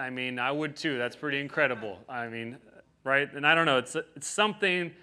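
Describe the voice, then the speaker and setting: A man's voice: mid-range voice, brisk, sharp tone. A pastor giving a conversational sermon, often checking in with his listeners by asking "right?".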